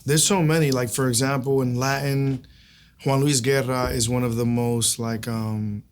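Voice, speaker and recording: A man's voice: mid-range voice, fairly even intonation, normal speed. A man guest on an interview show, talking loosely and chattily with lots of restarts. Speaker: guest singer. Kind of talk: casual interview chat.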